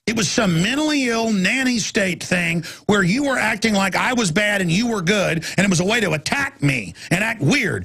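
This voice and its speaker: A radio talk show host in his forties rants through a monologue in a gravelly, husky, slightly bright voice, occasionally mocking people with high put-on voices. He's brisk, with lively intonation and few pauses, close to a dry studio mic with faint music beneath.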